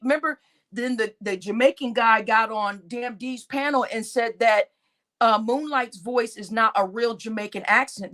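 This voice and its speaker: Woman channel host, a bit high-pitched, casual and profane, animated rant straight to camera. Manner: talks straight to her audience as y'all. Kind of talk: casual venting to viewers.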